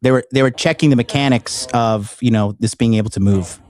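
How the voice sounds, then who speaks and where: A man's voice: mid-range voice, a little fast, darkish tone, dry recording, soft background music. A man, a YouTuber and dating coach, talking casually and emphatically to his viewers, rambling and swearing often. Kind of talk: casual direct-to-camera chat.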